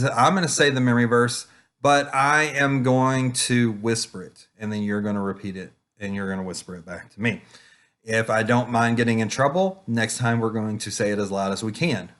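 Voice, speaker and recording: A man's voice: fairly low pitch, fairly bright tone. A man who runs children's ministry with puppets, giving a casual conference talk full of ums and restarts. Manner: rambling, many ums and restarts. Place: home online presentation.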